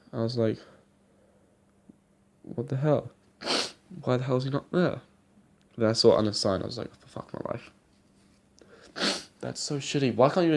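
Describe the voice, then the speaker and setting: A man's voice: mid-range voice, darkish tone. A young man giving rambling, casual commentary over his football game footage, swearing now and then. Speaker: gaming YouTuber.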